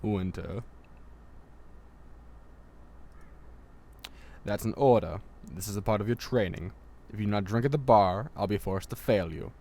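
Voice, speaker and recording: A man doing a calm, stern male mentor. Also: on the low side, close to an everyday voice. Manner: calm, measured, commanding. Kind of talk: amateur let's-play voice acting.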